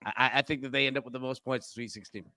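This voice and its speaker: A man's voice: mid-range voice, fairly even intonation, very fast, sharp tone, dry recording. A man with a Southern US accent, co-hosting a betting show in jokey, stammering banter. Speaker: co-host.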